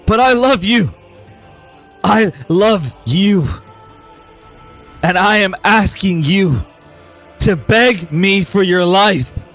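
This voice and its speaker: A man's voice: medium pitch, slow, long pauses, soft background music. A man voicing a centuries-old male mentor who loved his student like a daughter, pleading and stern in broken phrases. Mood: anguished pleading.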